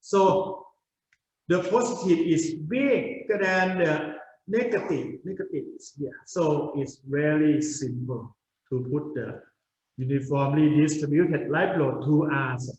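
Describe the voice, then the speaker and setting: A man's voice: a little high, slow, darkish tone. A male university lecturer giving a lecture, explaining step by step and often checking in with "okay?". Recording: roomy, dull lecture recording.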